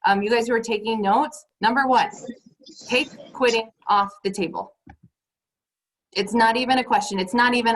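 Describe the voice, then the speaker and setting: A woman's voice: a little high, steady tone, moderate pace, rough recording. A woman leading her sales team on a motivational call. She talks emphatically, repeats her points and keeps turning to the listeners as "you guys".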